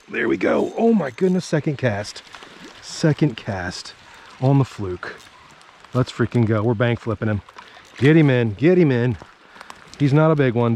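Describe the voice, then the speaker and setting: A man fishing from a creek bank outdoors, giving excitable casual commentary and talking to himself and his viewers. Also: medium pitch, a little hiss or hum. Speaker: fishing vlogger.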